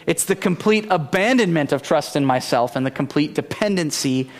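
A man's voice: on the high side, animated, moderate pace. A man preaching a sermon as pastor, earnest, asking rhetorical questions of the congregation.

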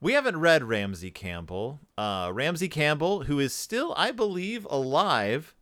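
A man's voice: a little high, big pitch swings, a little slow, fairly bright tone, no room sound. A man co-hosting a podcast, chatting casually about books in a rambling, playful, joking way. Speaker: podcast co-host. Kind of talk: casual book chat.

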